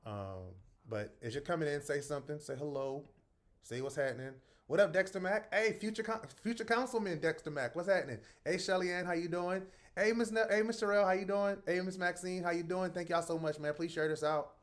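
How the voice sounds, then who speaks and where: A middle-aged man from the American South, hosting a casual livestream. He greets viewers one by one by name with upbeat energy, then drops to a soft, earnest tone. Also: high voice, fairly quick. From North Charleston, South Carolina. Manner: soft and earnest when speaking from the heart. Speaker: livestream host.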